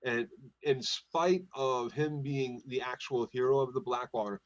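Man, podcast co-host, casual recap chat, animated, acts out scenes, slightly lo-fi. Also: medium pitch, measured pace, dry recording.

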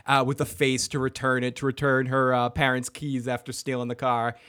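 A man's voice: medium pitch, monotone, fairly quick, a bit bright, clear, resonant tone. A man hosting a live recap show, reading out chat comments and retelling scenes in a loose, rambling way with fillers. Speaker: podcast host.

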